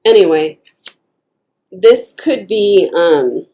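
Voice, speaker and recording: Her fairly low, warm voice is animated yet extremely slow as she casually reads tarot for her viewers. The tarot reader drifts into digressions, laughs often and voices quoted speech in shifting characters.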